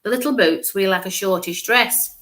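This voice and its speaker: A chatty woman gives a live-streamed psychic reading in a mid-pitched voice. She describes things in detail and keeps checking in with her listeners. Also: normal speed, a bit bright. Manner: chatty, describes what she sees, often checks in with "okay?". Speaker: medium giving live readings.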